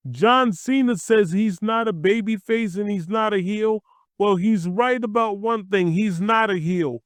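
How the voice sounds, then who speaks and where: Speaking as a wrestling commentator, a man rants to camera in a voice that sits high, keeping a measured pace. He's blunt, exasperated and swears freely, and the recording is studio quality with no echo.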